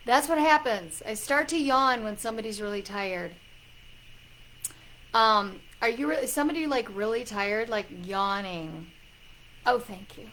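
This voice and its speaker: A bubbly woman hosts a casual livestream, chatting to viewers and calling out names with sudden excited bursts. Her voice is fairly high and very bright. A faint hiss sits under the home recording. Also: measured pace, rough recording. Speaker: psychic coach hosting a livestream.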